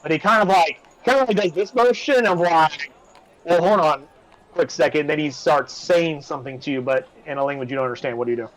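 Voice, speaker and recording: A man's voice: on the high side, fast, hardly any pauses, low-quality recording. Rambling game master, a man. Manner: casual, rambling, many fillers. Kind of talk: narrating a tabletop game.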